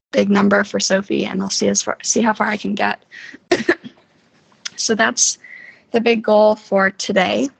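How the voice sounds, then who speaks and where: A woman recording a casual spoken diary early in the morning, in her morning voice, talking hesitantly and reflectively with many pauses. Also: medium pitch, gravelly, no room sound, low-quality recording. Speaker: vlogger, musical writer.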